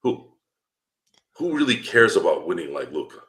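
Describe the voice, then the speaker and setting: His voice sits low and has a sing-song lilt, a normal speed, and a fairly bright tone. He's a guest commentator in a casual fan podcast conversation, arguing heatedly with rhetorical questions and plenty of swearing.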